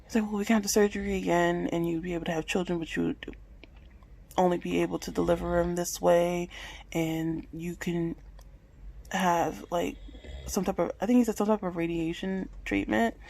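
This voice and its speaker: Husky-toned candid young woman vlogging. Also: lowish voice, fairly even intonation, normal speed, a little mellow, rough recording. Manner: candid, emotional, swears freely. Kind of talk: personal talk to camera. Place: at home indoors. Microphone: phone camera.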